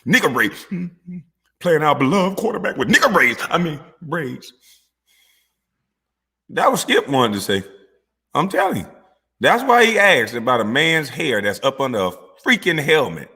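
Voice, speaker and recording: Mocking, animated comedic ranter. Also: male voice, a little high, gravelly, husky, long reverb tail. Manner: animated, mocking and profane, with drawn-out hums. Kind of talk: comedic commentary rant.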